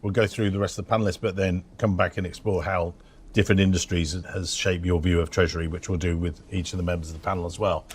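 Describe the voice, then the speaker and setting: A man moderates a live panel in a brisk way, passing the word along to the next guest. His voice is very low, and he talks quickly over faint background noise. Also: level tone.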